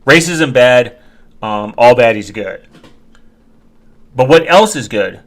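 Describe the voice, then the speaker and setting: A man's voice: lowish voice, lively intonation, slow pace. A man vlogging in a rambling, joking way, talking straight to his viewers with many fillers and restarts. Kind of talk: casual rambling talk to viewers.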